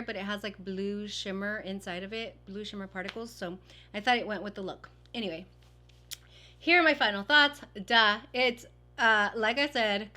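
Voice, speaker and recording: A woman's voice: medium pitch, pushed and bright. A woman talking casually through a makeup tutorial, gushing and chatty with lots of fillers. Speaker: beauty vlogger.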